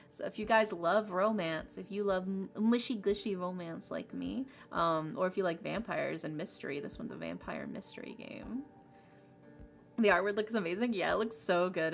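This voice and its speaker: A woman's voice: lowish voice, gravelly. A woman streaming a game, chatting casually and rambling with lots of fillers. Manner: bubbly, rambling with many fillers. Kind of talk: casual livestream chat.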